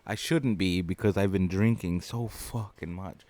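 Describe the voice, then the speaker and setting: A man's voice: low voice, normal speed, darkish tone. A man co-hosting a beer-tasting podcast as its producer, chatty and swearing casually, laughing often.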